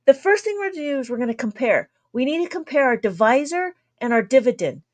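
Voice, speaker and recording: A woman's voice: high-pitched, very animated. Chatty woman teaching abacus math. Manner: chatty, laughs often, talks fast, tries to slow down. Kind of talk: livestream math lesson.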